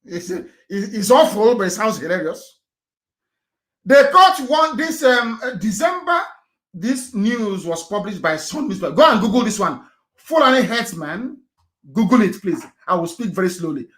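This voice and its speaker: A man on live radio, speaking with a high-set voice. He talks in a fiery, rhetorical way, jumping from loud outbursts down to low, muttered asides. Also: very animated, moderate pace. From Nigeria. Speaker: radio broadcaster.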